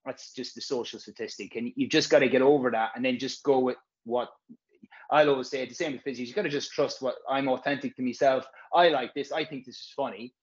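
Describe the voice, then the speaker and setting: A man's voice: mid-range voice, fairly even intonation, a little fast, muffled recording. A man, a physio course presenter, chatting casually and frankly, rambling and swearing freely. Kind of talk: casual podcast chat.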